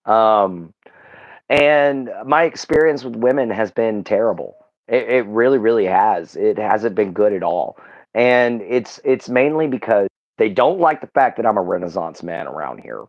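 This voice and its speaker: A man's voice: on the low side, animated, a little slow, lo-fi sound. A man with a Southern Texan accent, talking as a livestream guest in casual chat, earnest and rambling with fillers and restarts. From Southeast Texas.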